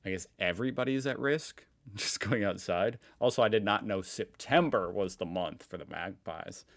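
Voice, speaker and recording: A man's voice: fairly low pitch, normal speed, gravelly. A young American man hosting a reaction video, chatting casually with curiosity and easy amusement. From United States.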